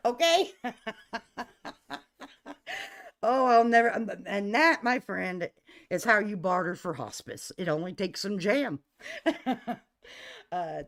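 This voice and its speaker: Middle-aged woman, livestream host with a mid-range voice, chatty and emphatic, laughs often. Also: medium pitch. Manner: laughs often, lively and emphatic, addresses listeners as honey and baby. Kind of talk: casual storytelling chat with viewers.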